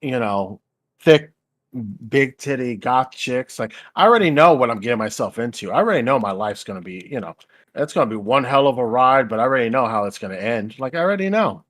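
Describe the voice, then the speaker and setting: A man's voice: medium pitch, a little fast, fairly bright tone, no room sound, studio quality. A man hosting a stream, rambling in casual, crude chat and laughing easily. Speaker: stream host.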